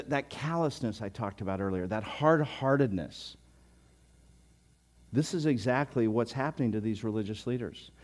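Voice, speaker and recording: An older man preaching a sermon as a pastor, telling stories with chuckles and frequent word restarts. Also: mid-range voice. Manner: storytelling with chuckles, animated and loud in anecdotes; repeats words, restarts.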